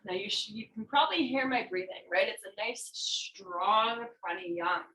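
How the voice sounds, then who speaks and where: A woman's voice: fairly high pitch, brisk. Breathless woman cueing a yoga class. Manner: calm, cueing breaths and poses while demonstrating. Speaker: yoga teacher. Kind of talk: guided yoga class instruction. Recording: roomy, mic at a distance.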